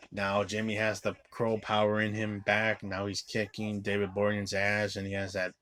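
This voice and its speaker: Low-voiced man ranting about a movie. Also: a bit bright. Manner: profane, rambling, peppered with "like", flares into angry outbursts. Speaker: movie reviewer. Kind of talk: ranting film recap.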